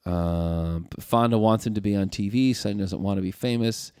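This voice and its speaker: A man's voice: lowish voice, moderate pace, smooth, no room sound, clean studio sound. A middle-aged man co-hosting a podcast, animatedly retelling a film plot and acting out its lines. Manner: animated storyteller, acts out lines with laughs. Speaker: podcast co-host. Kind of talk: casual movie recap chat.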